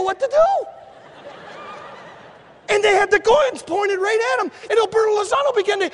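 A man preaching a sermon, telling a story and swinging between hushed and shouted delivery. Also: very high-pitched, very animated, normal speed, vocal fry, a loud crowd, very noisy. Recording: long hall reverb.

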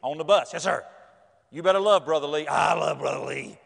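A man's voice: a little high, a little fast, vocal fry. A man voicing an earnest, simple-spoken grown man who gives short, blunt answers. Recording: echoey hall.

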